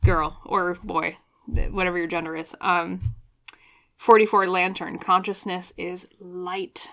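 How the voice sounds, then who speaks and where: Low-pitched female tarot reader, chatty and excitable, talking directly to her viewers. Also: unhurried. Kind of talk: pick-a-card tarot reading.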